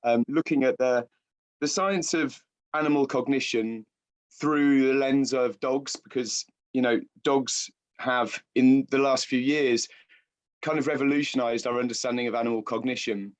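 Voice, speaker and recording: Croaky british guy giving a talk, umming and restarting a lot, mid pitch. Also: fairly even intonation, normal speed. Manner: hesitant, many fillers and restarts. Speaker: guest speaker, science writer. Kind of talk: public lecture.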